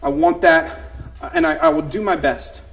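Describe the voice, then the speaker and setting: A man in his thirties, a youth pastor performing a one-man comedy show on stage, telling stories with big swings from quiet asides to loud exclamations. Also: on the high side, big pitch swings, normal speed, gravelly. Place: theater stage.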